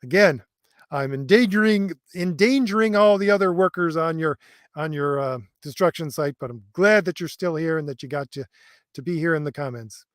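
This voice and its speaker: A man's voice: fairly high pitch, normal speed, no room sound, clean studio sound. A middle-aged man hosting a livestream, reading viewer comments aloud in a rambling way, with many fillers and chuckles. He says his voice has always been heard as an old man's. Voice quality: voice that others hear as an old man's. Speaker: host.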